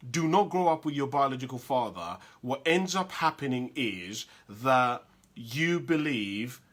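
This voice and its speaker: A man from Uganda giving a candid, reflective personal talk, often pausing and restarting his sentences. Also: medium pitch, a bit bright. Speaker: speaker sharing personal reflections.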